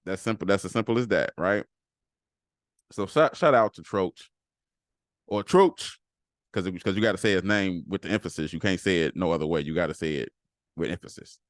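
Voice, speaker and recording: A man's voice: sits low, brisk, dry recording, studio quality. A man hosting a casual solo podcast, talking loosely and repeating phrases for emphasis. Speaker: podcast host.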